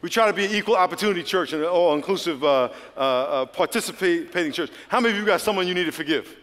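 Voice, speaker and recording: A male pastor preaching a sermon, swinging between loud, lively exhortation and hushed prayer. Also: on the high side, fast talker. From United States. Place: large church hall. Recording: long hall reverb.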